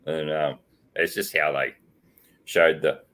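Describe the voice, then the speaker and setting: Deep-voiced Australian man hosting a chat. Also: steady tone, slow pace, a bit bright. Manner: rambling, laughs often, lots of fillers. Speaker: host. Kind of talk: casual live-stream chat.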